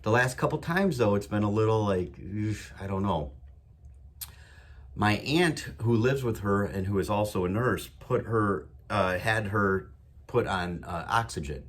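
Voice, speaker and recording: A man's voice: lowish voice, unhurried. A man hosting his own show, talking in an enthusiastic, emphatic motivational monologue with a lot of repetition. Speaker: podcast host.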